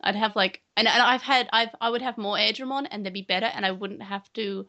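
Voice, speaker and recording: Bright, playful woman co-host. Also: medium pitch, steady tone, fairly quick. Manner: chatty, playful, rambling with restarts. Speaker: podcast co-host. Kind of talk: casual chat.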